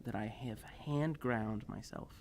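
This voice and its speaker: A man's voice: on the low side, slow pace, vocal fry, darkish tone, slight background noise. A man voicing a cheerful, small halfling woman cook, sweet and mildly teasing.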